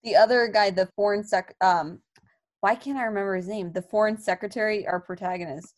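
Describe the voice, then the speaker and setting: Brief: female podcast co-host, mid pitch, casual and sarcastic. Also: steady tone, fairly quick, darkish tone. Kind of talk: casual chat.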